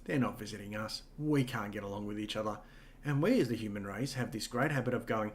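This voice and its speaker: A man's voice: fairly low pitch, fast talker. A middle-aged man co-hosting a casual chat, rambling with lots of fillers and frequent swearing. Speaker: podcast co-host.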